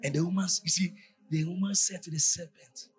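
A man preaching a fervent sermon, often shouting and sliding into a sing-song cadence. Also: high-pitched, fairly even intonation, fairly quick.

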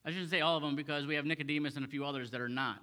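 A man's voice: on the high side, steady tone, racing, bright, forceful tone, long reverb tail. A man preaching a sermon as a pastor, reading scripture aloud and then restating it in plain talk with frequent fillers and repeated phrases. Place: church sanctuary.

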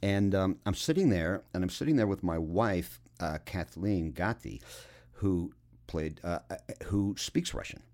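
Deep-voiced man telling wry stories. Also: lively intonation, a little slow, a little mellow. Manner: wry, laughing anecdotes. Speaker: guest actor. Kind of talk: casual storytelling chat.

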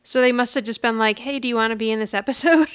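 A woman's voice: on the high side, steady tone, fast, a bit bright, clear, resonant tone. A woman co-hosting a podcast, chatting casually as she retells a TV episode and often laughs. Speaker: podcast co-host recapping a TV episode. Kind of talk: casual chat.

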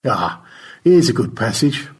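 A man's voice: mid-range voice, very animated, measured pace, husky. A man voicing Stanley, a dry-witted space rescuer who teases in easy banter. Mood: teasing.

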